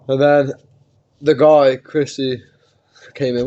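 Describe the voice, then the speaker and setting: A man's voice: medium pitch, a little slow, muffled recording. A young man, hosting a podcast and telling a long story in a casual chat. He swears a lot, rambles and keeps adding "do you mean?". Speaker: podcast host.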